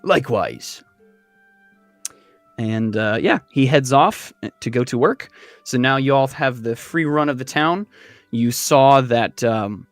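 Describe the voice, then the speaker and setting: A man running a tabletop game as dungeon master, narrating in a relaxed, conversational way. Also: mid-range voice, no echo.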